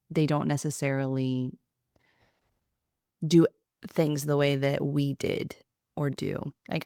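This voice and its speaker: A middle-aged woman hosting a podcast in a casual, animated chat, often laughing and joking at herself. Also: low voice, vocal fry, no room sound, clean studio sound. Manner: laughing, animated, self-mocking. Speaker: podcast host.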